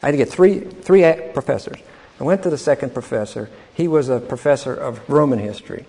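A man's voice: medium pitch, fairly quick, vocal fry, warm tone, slightly rough. Older man rambling through a story, hall echo. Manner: rambling, chuckling, repeats words. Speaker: speaker telling his life story. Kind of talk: anecdotal storytelling talk.

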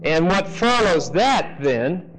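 A man's voice: high-pitched, big pitch swings, a bit bright, a little hiss or hum, poor audio. Conversational male Bible teacher. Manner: conversational, checks in with "okay?", slows to stress key phrases. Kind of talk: expository sermon.

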